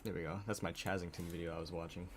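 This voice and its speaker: A man's voice: low voice, flat delivery, rapid-fire, noisy background. A young man live-streaming, chatting casually and rambling in a frazzled way straight to his viewers. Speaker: livestreamer.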